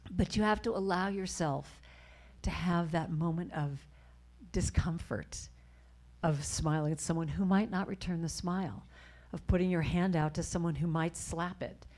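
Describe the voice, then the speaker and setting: Gentle, low-voiced woman speaker. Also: moderate pace. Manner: gentle, heartfelt delivery that drops into soft, near-whispered phrases. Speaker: inspirational speaker and singer. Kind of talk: spiritual talk leading a chant.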